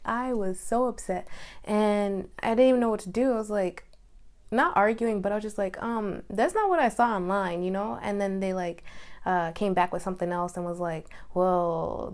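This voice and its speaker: A young woman vlogging in casual storytelling, chatty and animated, with lots of fillers and quoted asides. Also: mid-range voice.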